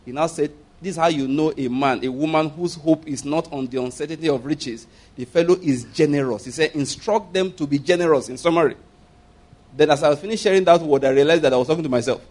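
A man's voice: a little high, quick pace, a little mellow. A Nigerian man in middle age delivers a sermon in a slightly raised voice. He is emphatic and repeats key phrases. He slips into quoted voices as he tells his points. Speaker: preacher.

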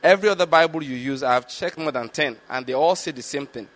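Deliberate, slightly high-voiced male preacher. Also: a bit bright. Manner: explanatory, reads scripture slowly and deliberately; checks in with listeners with repeated questions. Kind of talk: Bible teaching sermon.

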